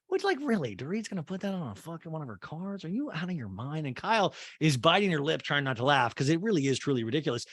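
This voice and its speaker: Man, podcast host, casual comedic recap, very lively pitch, profane, incredulous. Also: fast talker, hardly any pauses, no room sound, studio quality.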